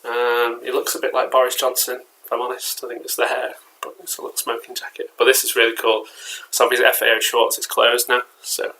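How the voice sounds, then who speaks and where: Speaking a little fast with few pauses, this man has a medium-pitched, monotone, sharp-toned voice. He's an English collectibles vlogger rambling through a casual home chat, full of fillers and false starts. There's slight background noise and the recording is poor.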